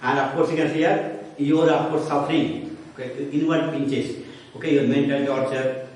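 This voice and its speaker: A man's voice: mid-range voice, steady tone, normal speed, a little mellow. A male teacher explains a play line by line in a classroom lecture, leaning on the filler "you can say" as he paraphrases. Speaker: English teacher. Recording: very echoey, distant, faint hiss.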